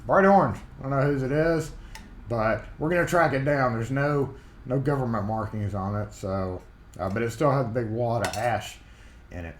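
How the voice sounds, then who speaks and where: A man's voice: mid-range voice, normal speed, slight background noise. Chatty Southern man in a roomy space. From Mississippi, USA. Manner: chatty, rambling, reads chat comments aloud. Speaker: livestream host. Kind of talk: casual live-stream chat. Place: home workshop. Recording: roomy echo.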